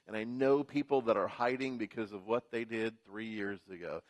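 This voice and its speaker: A man's voice: fairly low pitch, moderate pace. Man preaching with rhythmic repetition. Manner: rhythmic repetition, rising emphasis. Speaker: pastor. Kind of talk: sermon. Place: church.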